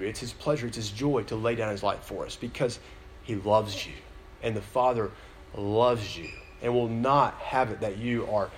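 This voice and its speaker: A male pastor preaches in a casual, chatty manner, leaning on fillers as he talks through his point. His pitch sits in a middling range for a man. Faint ambient noise hums under his voice. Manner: conversational preaching, many fillers, building emphasis. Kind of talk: sermon.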